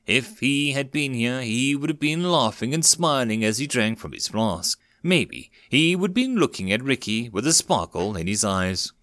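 A man narrating a dramatic story in a steady reading voice. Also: mid-range voice, normal speed, hardly any pauses, dry recording, studio quality.

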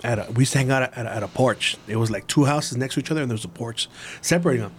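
Middle-aged man, rapid storyteller, mid-pitch, faint hiss in the room. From East Los Angeles. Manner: rapid storytelling with many likes and restarts. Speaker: podcast guest. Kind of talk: casual podcast conversation.

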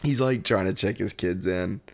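A man's voice: sits low, moderate pace, gravelly. A man telling a story in a casual, rambling way, with lots of fillers and laughter. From Southern California.

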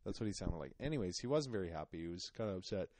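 A man's voice: deep voice, lively intonation, very fast, warm tone, dry recording. A young man co-hosting a podcast, telling rambling, self-mocking stories in casual comedic chat. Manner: rambling, self-mocking storytelling with many fillers. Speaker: podcast co-host.

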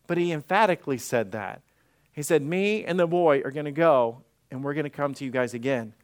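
A man's voice: a little high, a little fast, smooth. A male pastor preaching an interactive sermon, acting out Bible scenes and putting questions to the congregation.

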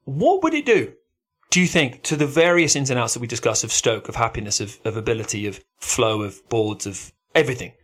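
A man co-hosting a podcast, chatting casually and animatedly, often jumping into a high excited voice. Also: a little fast. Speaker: podcast co-host. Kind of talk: casual chat.

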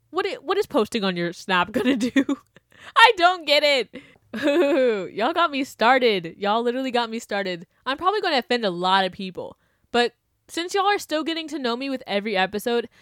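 A woman's voice: on the high side, a bit bright, no echo, studio quality. A young woman hosting her own show, ranting casually and sarcastically, laughing often and breaking into exaggerated outbursts. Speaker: podcast host. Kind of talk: casual opinion rant.

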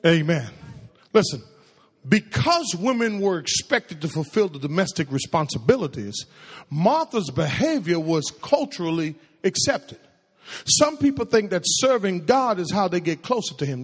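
A pastor preaching a sermon in a lively, conversational way, with playful asides and quoted voices acted out. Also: male voice. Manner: acts out quoted voices in a high pitch.

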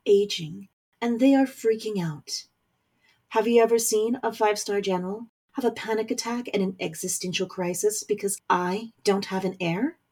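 A woman voicing a stern, powerful middle-aged mother who is a warlock general, speaking forcefully with scorn. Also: medium pitch, husky. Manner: forceful, scornful, rising to anger.

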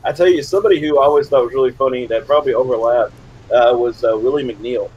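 A middle-aged man hosting an interview, a former player himself, telling stories with animated, high-voiced quotes. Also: quick pace, breathy edge, lo-fi sound. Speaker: podcast host, former player. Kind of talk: casual interview.

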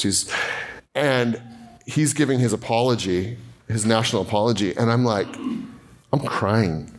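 A male pastor preaching a sermon in a conversational, animated way, often acting out quoted voices. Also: lowish voice, moderate pace.

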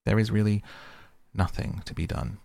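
A hot-tempered male water rat storms and scolds in a low, gravelly register, as a male narrator puts him on. He turns firm and stern when he gives orders. The sound is dry and close. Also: steady tone, normal speed, no echo. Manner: indignant shouting, then firm and stern.

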